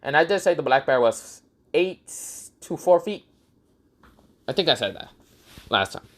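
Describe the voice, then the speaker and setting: A young man narrates an improvised story in a casual, rambling way, swearing freely and stumbling through fillers and corrections. His pitch is lively and moves around a lot as he talks. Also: unhurried. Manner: rambling, crude, full of fillers.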